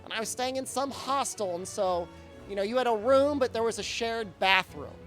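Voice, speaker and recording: A man's voice: very high voice, normal speed, a bit bright, soft background music. A man streaming a game and chatting casually, telling a rambling story full of fillers and restarts. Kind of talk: casual chat during a live game stream.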